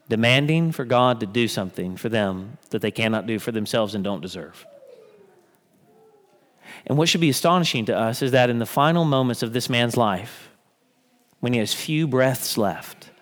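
A man preaching a sermon in an earnest way, building to emphatic peaks. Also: mid-range voice. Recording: long hall reverb.

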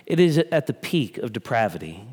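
A man's voice: medium pitch, very animated, moderate pace, a little mellow, breathy edge. A man preaching a sermon in an earnest way, building to emphatic peaks. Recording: long hall reverb.

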